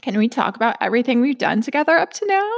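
A frantic inner overachiever pleads in a high, hurried voice, overwhelmed and anxious. A woman puts her on as part of her own talk. The delivery is breathless and urgent. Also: big pitch swings, gravelly, heavily acted. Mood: hopeful.

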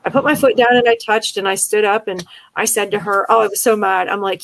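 A woman's voice: mid-range voice, moderate pace, fairly bright tone, dry recording, poor audio. An older woman from Pennsylvania, chatting casually and telling a long personal story with many fillers and restarts. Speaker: conversation partner. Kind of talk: casual chat.

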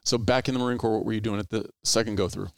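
A man's voice: fairly low pitch, steady tone, racing, creaky, no echo, studio quality. A man hosting a casual interview, cutting in with short remarks and follow-up questions. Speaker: podcast host.

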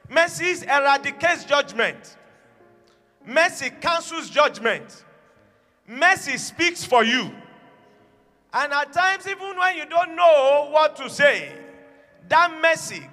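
A high-pitched man preaching in a long-echoing church hall, faint music underneath. He speaks slowly and deliberately, hammering phrases again and again. His bright voice swells into shouted prayer. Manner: fervent, repeats phrases, rises to shouted prayer. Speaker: pastor. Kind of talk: sermon leading prayer.

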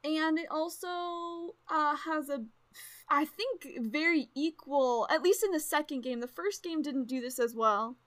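A woman from the United States co-hosting a casual podcast, excitable and rambling, with loud bursts of laughter. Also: high voice, a little slow. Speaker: podcast co-host.

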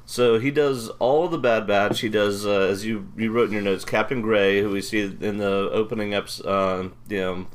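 A man's voice: fairly low pitch, steady tone, moderate pace, few pauses. An American man co-hosting a podcast, chatting loosely with jokes and self-deprecating asides. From United States. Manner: rambling, self-deprecating, jokey. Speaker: podcast co-host. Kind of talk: casual chat.

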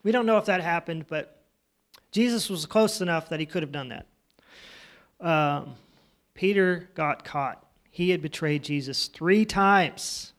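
A man with a high voice teaches a Bible story to children. He talks in a loose, conversational way, retells scenes in his own words and keeps turning to the kids with questions.

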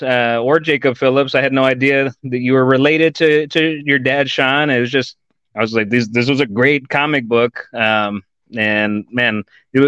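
A man's voice: mid-range voice, fairly bright tone, clean tone, no echo, dull audio. A man from Texas hosting a live-stream comics interview, chatty and enthusiastic. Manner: enthusiastic and chatty, says dude and y'all. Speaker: podcast host.

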